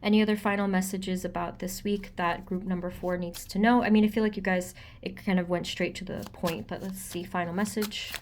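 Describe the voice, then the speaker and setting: A woman doing a pick-a-card tarot reading for viewers, gentle and reassuring, chatty, with frequent ums and an easy laugh. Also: mid-range voice, little pitch movement, a little fast, hardly any pauses, a little hiss or hum. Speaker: tarot reader.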